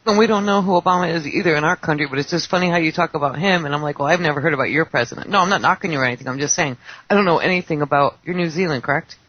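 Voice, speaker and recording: A woman chatting casually on an online radio show, quick to laugh and apologize. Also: low voice, a little hiss or hum. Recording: dull lo-fi internet radio audio.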